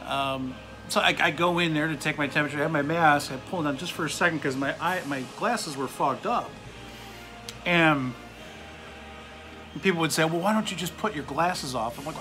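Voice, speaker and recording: A man rants to his camera, irate and sarcastic, swearing freely. His voice sits a little high and sounds very bright and forceful. Faint music plays behind him. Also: normal speed. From United States. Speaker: vlogger. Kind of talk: angry ranting monologue.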